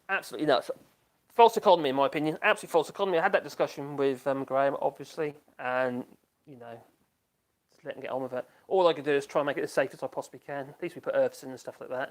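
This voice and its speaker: A middle-aged man, chatting casually on a live stream in a rambling way, trailing off and restarting his sentences. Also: fairly high pitch.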